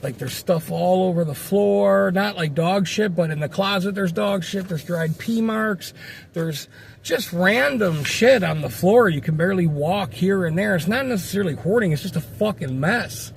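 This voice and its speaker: A man's voice: high voice, moderate pace, creaky, a little hiss or hum. A man ranting casually to camera, frustrated and swearing, rambling with many restarts.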